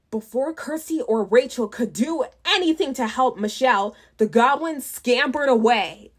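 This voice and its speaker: A woman reading a children's storybook aloud, unhurried, with small restarts. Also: sits high, animated. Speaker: children's book reader.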